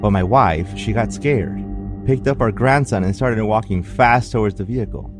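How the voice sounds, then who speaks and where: A man with an accent co-hosting a podcast, telling stories in a casual, animated way and laughing often. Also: fairly low pitch, normal speed, over music. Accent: non-native English. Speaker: podcast co-host. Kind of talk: casual storytelling chat.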